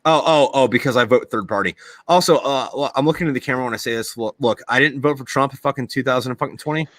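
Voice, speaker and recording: A man from the United States hosts a video podcast, ranting heatedly in casual chat with frequent curses and stuttered restarts. He talks fast at a medium pitch, with a fairly bright tone and a dry recording.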